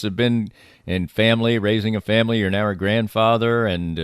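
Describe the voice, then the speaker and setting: Smooth low-voiced podcast host. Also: male voice, dry recording, clean studio sound. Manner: relaxed, chuckling as he asks. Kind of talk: casual interview chat.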